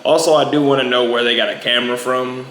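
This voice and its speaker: A man's voice: medium pitch, fairly even intonation, quick pace, a bit bright, reverberant, slight background noise. A young man giving a casual, rambling movie review, packing in lots of filler words.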